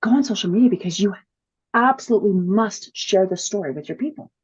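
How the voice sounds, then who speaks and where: Husky, enthusiastic woman guest. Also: mid-range voice, animated, a little mellow, muffled recording. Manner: enthusiastic, fast, laughs easily. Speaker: guest speaker coach. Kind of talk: casual conversational interview.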